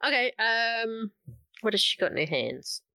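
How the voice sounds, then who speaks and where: A woman playing a tabletop game, speaking quickly and playfully. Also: on the high side, big pitch swings, bright, forceful tone, no echo. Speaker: player. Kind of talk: casual tabletop play.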